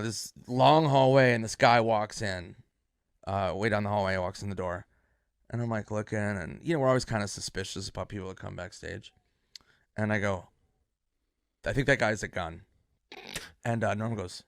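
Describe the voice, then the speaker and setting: A man with a bright, forceful voice tells backstage stories in an animated way, jumping into other people's voices when he quotes them. The sound is dry and close to the mic. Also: mid-range voice, normal speed, no echo. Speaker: comedian telling stories. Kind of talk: casual storytelling.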